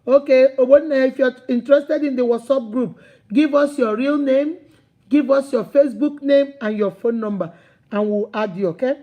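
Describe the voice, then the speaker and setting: Outspoken Nigerian woman host, high voice. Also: normal speed, dull audio. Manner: outspoken, scolding and humorous. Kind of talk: live-stream advice talk.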